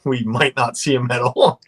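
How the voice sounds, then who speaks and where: A man's voice: mid-range voice, level tone, measured pace, slightly rough. A man hosting a casual livestream video chat, joking and rambling with friends. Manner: joking, rambling, laughs often. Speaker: livestream host.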